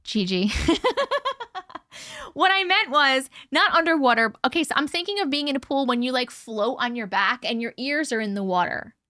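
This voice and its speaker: A young woman hosts a late-night live stream, bright and a touch high in pitch. She rambles warmly to her viewers, swears without a second thought, and laughs a lot. The sound is close and dry, with no room echo. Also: expressive, a little fast, hardly any pauses. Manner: chatty, swears freely, laughs often, many "like" fillers. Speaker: livestream host. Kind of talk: casual live chat reading viewer comments.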